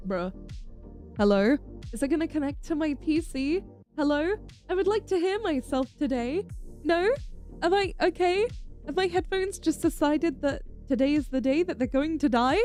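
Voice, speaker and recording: Bubbly high-voiced woman streamer. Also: expressive, moderate pace, darkish tone, soft background music. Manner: affectionate, calls viewers darling, giggly. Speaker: VTuber streamer. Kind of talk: casual live-stream chat.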